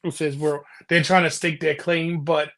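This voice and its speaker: Man, fairly high voice, podcast co-host, earnest explanations, trails off mid-sentence. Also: level tone, moderate pace, a bit bright. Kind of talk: casual podcast chat.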